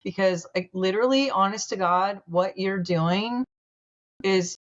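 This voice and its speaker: A woman's voice: medium pitch, unhurried. A woman, a naturopathic doctor, speaking as a podcast guest in an earnest, effusive way. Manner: earnest, gushing, grows emotional. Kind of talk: casual interview talk. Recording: dull lo-fi sound.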